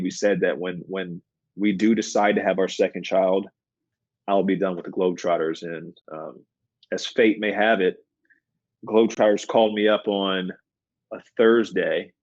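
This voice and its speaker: A middle-aged former pro basketball player turned mindset coach speaks as a guest on an interview show, telling stories conversationally. His low voice is earnest and reflective, and he repeats phrases for emphasis. The recording has no room sound and its highs are cut off.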